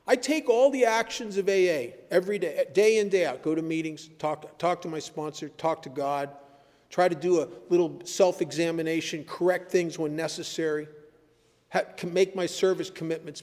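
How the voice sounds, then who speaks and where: A man's voice: on the high side, steady tone, moderate pace, a little mellow. Earnest older man speaking in an echoey hall. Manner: earnest, blunt, storytelling with sudden emphatic rises. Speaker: speaker at a recovery meeting. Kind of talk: personal recovery talk. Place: meeting hall.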